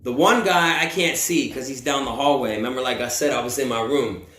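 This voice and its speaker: A man from the United States telling a story in a casual, profane, animated way, acting out what people said. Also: medium pitch, fairly quick. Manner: profane, animated, acts out quotes. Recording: roomy echo.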